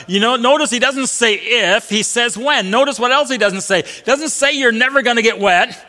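A man preaching a sermon in a large church, rising to bold declarations and dropping to hushed quotes, leading the congregation in reading aloud together. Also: lively intonation, normal speed, few pauses. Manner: swings between booming declarations and hushed quotes; leads congregation in call-and-response reading. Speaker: pastor. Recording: long hall reverb.

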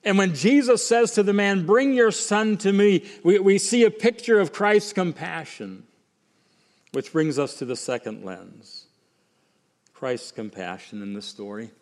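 A man preaching a sermon with emphatic swings from quiet, slow lines to raised ones. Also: high voice. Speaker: pastor. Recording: long hall reverb.

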